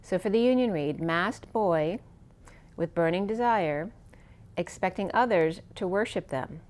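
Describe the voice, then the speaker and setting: A woman giving a spiritual tarot card reading, talking in a soft, meandering way with phrases that trail off, and saying she is losing her voice. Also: lowish voice, expressive, unhurried. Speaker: tarot reader.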